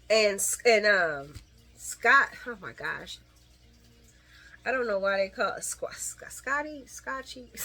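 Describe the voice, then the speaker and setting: A woman casually recapping a soap opera episode, laughing often and acting out the characters' lines in quick little voices. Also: medium pitch. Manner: animated and giggly, acts out characters' lines. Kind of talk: casual chat.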